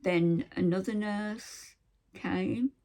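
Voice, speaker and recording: A woman telling a personal story to camera in an aggrieved way, pausing often and acting out what others said. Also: medium pitch, mellow. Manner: aggrieved retelling, acting out others' lines, frequent hesitations. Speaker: vlogger.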